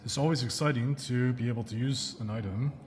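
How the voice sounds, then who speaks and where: Male teacher, mid-pitched voice, slows down to model sentences, reverberant room. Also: slight background noise. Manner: slows down to model example sentences, checks with "right?" and "okay?". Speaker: English teacher. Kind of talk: recorded classroom lesson.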